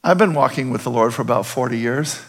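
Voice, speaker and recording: A man's voice: medium pitch, fast talker, breathy edge. A middle-aged man preaching a conversational sermon as a pastor, often checking in with his listeners with questions.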